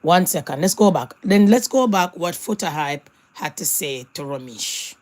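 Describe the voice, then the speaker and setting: A commentator with a mid-pitched voice who talks emphatically, drives points home through repetition and mixes in patois phrases. The delivery is steady opinion commentary. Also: moderate pace. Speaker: online commentator.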